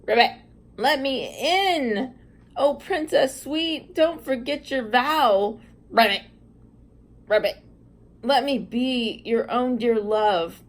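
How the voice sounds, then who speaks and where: A woman's voice: fairly high pitch, slow. A woman voicing a male frog who pleads and keeps adding ribbit between his phrases. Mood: pleading.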